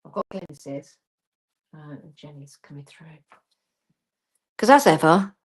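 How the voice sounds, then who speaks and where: A woman's voice: low-pitched, big pitch swings, measured pace, breathy edge. Casual female craft host, self-deprecating, talks while she works. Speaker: craft demonstrator. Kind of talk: live crafting demo.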